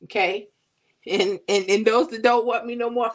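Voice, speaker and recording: A woman hosting a casual livestream, chatting with viewers and teasing them in a playful, animated way. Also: on the high side, moderate pace. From Florida. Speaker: livestream host. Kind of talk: casual chat with live viewers.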